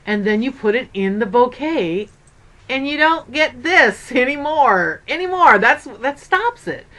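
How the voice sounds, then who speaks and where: A woman's voice: sits high, lively intonation, a little slow, pushed and bright. An older woman and grandmother chatting casually in a craft vlog, upbeat and rambling. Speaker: craft vlogger.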